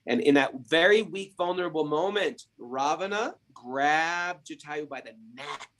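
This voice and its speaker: A man's voice: a little high, expressive, a little slow, a bit bright. A man hosting a spiritual podcast, retelling stories with emphatic rhetorical questions. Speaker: podcast host. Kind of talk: spiritual storytelling and teaching.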